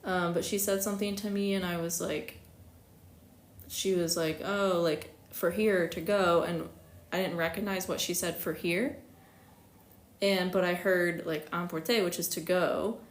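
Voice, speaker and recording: A woman's voice: fairly low pitch, fairly even intonation, measured pace. A young American woman chatting casually on a live stream, giggling often and acting out quotes with big jumps in her voice. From United States. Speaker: astrologer hosting a live stream. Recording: echoey room, faint hiss.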